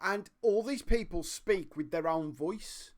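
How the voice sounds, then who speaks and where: A man's voice: high voice, unhurried. A man with a Black Country accent, telling stories and teasing friends in casual banter. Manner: animated storyteller, teasing.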